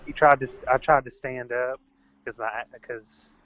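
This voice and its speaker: A man's voice: medium pitch, fairly even intonation, a little slow, a bit bright, highs cut off. A man as a guest in a casual chat over a call, rambling and leaning on fillers.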